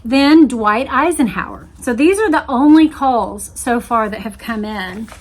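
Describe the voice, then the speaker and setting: A woman leads a book-based history discussion. Her voice sits a little high, and she reads quoted passages aloud with shifting inflections before pausing to muse on them. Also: animated. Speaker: host reading from a history book.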